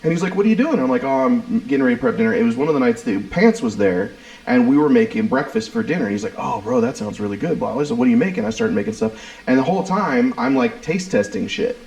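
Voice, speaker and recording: A man's voice: medium pitch, fast talker, gravelly. A man co-hosting a podcast, telling stories in casual, profane chat with friends. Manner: animated, profane storyteller acting out quotes. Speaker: podcast co-host. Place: room shared by three hosts. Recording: echoey room.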